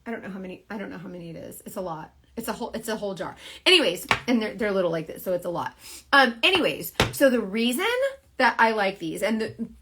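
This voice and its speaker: A woman's voice: medium pitch, expressive, fast talker, noisy background. Chatty woman selling makeup live. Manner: rambling, filler-heavy, earnest. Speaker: makeup seller. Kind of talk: casual live stream chat.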